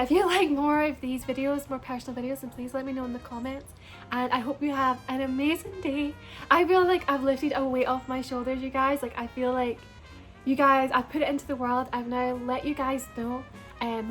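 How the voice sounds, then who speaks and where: Scottish woman vlogger, bright high voice, bubbly and earnest, chatty to camera, faint music underneath. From Scotland. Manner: bubbly and earnest, addresses viewers as "you guys". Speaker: beauty vlogger. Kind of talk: casual personal vlog to camera.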